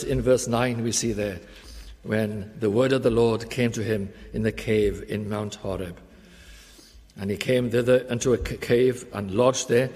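Male preacher, mid pitch, earnest and emphatic, long church reverb. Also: darkish tone. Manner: earnest, emphatic, slows for key phrases. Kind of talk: sermon.

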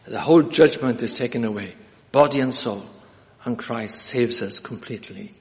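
A man with a mid-range, darkish voice and vocal fry preaches an earnest expository sermon at normal speed, returning to key phrases again and again. He often hesitates with filler sounds between points. The recording is dull and lo-fi, carrying the long reverb of a church hall.

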